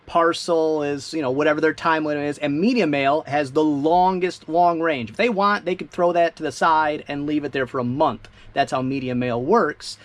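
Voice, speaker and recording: A man's voice: on the high side, steady tone, normal speed, hardly any pauses, no room sound. A man who resells online, chatting casually in a rambling, self-amused way while he packs orders for shipping. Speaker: eBay reseller. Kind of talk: casual vlog narration while packing orders.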